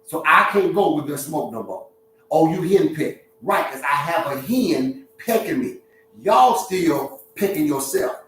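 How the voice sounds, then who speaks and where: Man, relationship counselor, livestream talk, animated, preachy, street slang, very echoey room, faint hum. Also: on the high side, unhurried, recorded from a distance.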